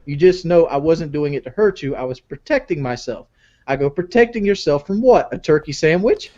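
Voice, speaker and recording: A young man talks fast and loose on a podcast, tripping over his words and restarting. His voice sits a little high. The audio sounds dull and lo-fi. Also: lively intonation, warm tone. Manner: stammering, repeats himself, reads messages in a high mocking voice. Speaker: podcast guest reading texts aloud. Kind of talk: casual podcast banter.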